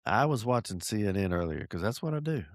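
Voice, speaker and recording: A man from North Georgia with a Southern accent, hosting a casual podcast, an animated storyteller who acts out quotes and chuckles. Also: on the low side, fast, dry recording, clean studio sound. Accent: Southern American. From North Georgia, USA. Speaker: podcast host.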